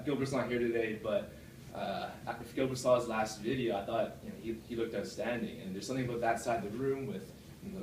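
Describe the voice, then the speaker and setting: A man giving a rambling, self-deprecating club speech full of fillers and restarts, recorded from across a meeting room. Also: noisy background. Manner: puts on a deeper voice from the chest. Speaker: club speaker. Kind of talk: prepared speech. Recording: echoey room from far off.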